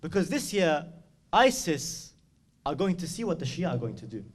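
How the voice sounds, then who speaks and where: A man giving an impassioned sermon at a mourning gathering in a community hall. He urges and pleads like a storyteller, then moves into loud chanted elegy. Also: fairly high pitch, sing-song, moderate pace.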